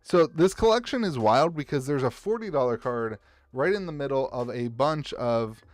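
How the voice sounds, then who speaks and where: A man's voice: medium pitch, animated, moderate pace, no room sound, soft background music. Chatty Appalachian man streaming card sorting. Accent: Appalachian American. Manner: rambling, upbeat, greets chat viewers by name. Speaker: card shop owner streaming live. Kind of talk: casual live-stream chat while sorting cards.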